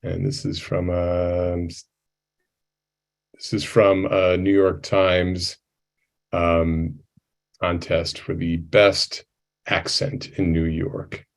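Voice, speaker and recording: A man's voice: low voice, completely flat delivery, very slow, gravelly, pauses often. A man moderating a video-call panel, asking rambling questions with frequent restarts. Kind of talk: hosting a panel discussion over video call.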